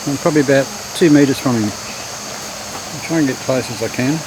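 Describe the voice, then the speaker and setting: A man giving relaxed, low-key commentary to the camera as he walks a garden trail beside a stream. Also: moderate pace. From Australia. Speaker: vlogger. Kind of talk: casual walking commentary. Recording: outdoor noise, running stream behind.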